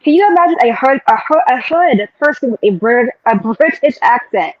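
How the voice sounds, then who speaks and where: A woman's voice: a little high, expressive, moderate pace, dry recording. Female host, casual and agreeable, lo-fi dry recording. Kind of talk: casual chat. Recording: dull dry lo-fi mic.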